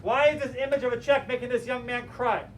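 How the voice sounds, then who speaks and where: A man teaching a class, telling a story in an animated, direct and motivational way. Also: extremely high pitch, a little fast. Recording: distant mic with faint room noise.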